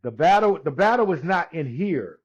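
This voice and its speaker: A man in his sixties telling his personal testimony in conversation, unhurried, acting out the dialogue he quotes, with frequent restarts. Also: a little high, big pitch swings, husky. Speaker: guest sharing his testimony. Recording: dull lo-fi recording.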